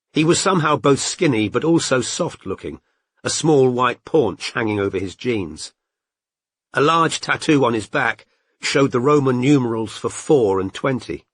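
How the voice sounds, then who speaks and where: A man's voice: medium pitch, fairly bright tone, slightly rough, no echo. A man narrating an audiobook, reading expressively and doing character voices. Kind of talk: scripted narration.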